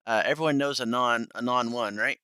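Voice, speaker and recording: A man's voice: mid-range voice, brisk, bright, forceful tone, clear, resonant tone, no echo, studio quality. A man hosting a live stream in casual, rambling chat, full of fillers and chuckles. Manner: rambling, laughing, many fillers. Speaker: streamer host.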